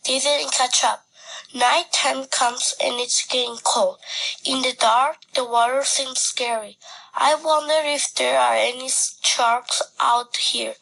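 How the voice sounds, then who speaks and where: A woman reads a first-person story aloud with a high, bright voice. Her delivery is simple and earnest, in short sentences. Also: creaky, low-quality recording.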